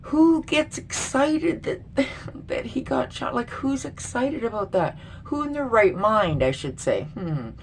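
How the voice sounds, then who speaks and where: A woman's voice: a little high, very animated, slow pace, slight background noise. A middle-aged woman vlogger ranting bluntly and with lots of swearing in a casual commentary. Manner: blunt, profane, indignant.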